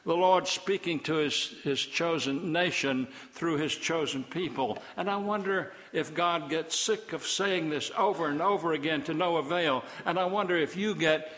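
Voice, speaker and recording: A man's voice: on the high side, moderate pace, few pauses, fairly bright tone. Emphatic male preacher in a reverberant church. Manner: emphatic, rhetorical, reproachful. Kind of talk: sermon.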